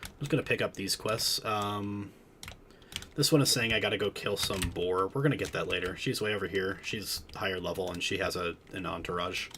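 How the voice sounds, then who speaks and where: A man's voice: low voice, a little fast, pushed and bright, slight background noise. A man streaming a game, chatting casually and explaining the mechanics as he plays. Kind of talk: casual gameplay commentary.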